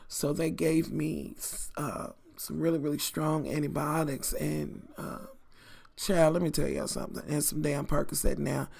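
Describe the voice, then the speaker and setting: Woman, middle-aged, vlogger; heavy vocal fry, colorful cussing, talks straight to her viewers. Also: low voice, measured pace. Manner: animated, profane, addresses viewers as y'all. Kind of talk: storytime vlog.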